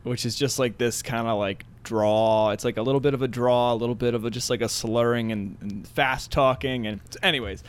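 A man's voice: medium pitch, fairly even intonation, a little fast, few pauses, clear, resonant tone. A man with a Philadelphia-area accent, co-hosting a podcast in loose, rambling casual chat. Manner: laughs easily, loose and rambling. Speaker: podcast co-host.

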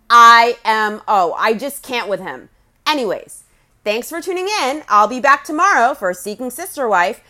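A woman's voice: on the high side, bright, forceful tone. A woman hosting a podcast, giving blunt, scornful recap commentary with crude put-downs. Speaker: podcast host.

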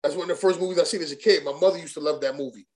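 A young guest rapper from Brooklyn, New York speaks in a slightly high voice and very fast. In a casual interview he tells a rambling, profane story packed with restarts and slang.

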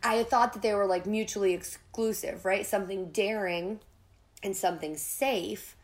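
A woman's voice: medium pitch, normal speed. A woman hosting a podcast, telling a personal story in a candid, casual way, swearing freely and acting out her own panic in quoted lines. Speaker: podcast host.

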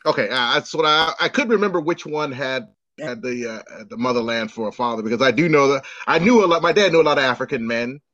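A man in his thirties co-hosting a casual chat, an animated storyteller who swears and acts out quotes. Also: medium pitch, quick pace, hardly any pauses, no room sound, muffled recording.

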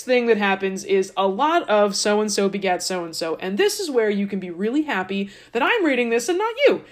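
A woman's voice: mid-range voice, expressive, normal speed, few pauses. A woman podcast host retelling old stories in a casual, sarcastic, playful way. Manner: sarcastic, chatty, playful asides. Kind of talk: casual irreverent storytelling.

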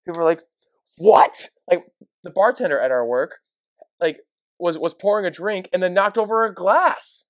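A man's voice: sits high, moderate pace, no room sound. Laughing podcast co-host man, dry sound. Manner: laughing storyteller, many fillers. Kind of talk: casual sports chat.

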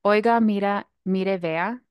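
A woman's voice: medium pitch, unhurried, smooth, no room sound, muffled recording. Chatty young woman, dry close sound. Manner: chatty, lots of "like", laughs. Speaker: podcast co-host. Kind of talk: casual chat.

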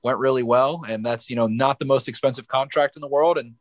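A man's voice: medium pitch, fast talker, dry recording. Man breaking down football, dry close mic. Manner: rambling, filler-heavy and emphatic. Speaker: guest sports podcaster. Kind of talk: casual sports analysis chat.

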